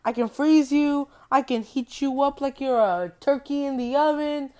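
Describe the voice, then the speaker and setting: A woman's voice: high-pitched, moderate pace, dark tone, pitched above the performer's own voice, lightly acted. A woman voicing a menacing male animatronic bear who taunts his victim with repeated threats. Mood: taunting.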